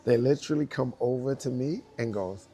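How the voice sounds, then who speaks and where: A man who judges hip hop dance battles, telling a casual anecdote and acting out what others said in an animated way. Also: mid-range voice, fairly quick, slight background noise. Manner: animated, acts out quoted dialogue.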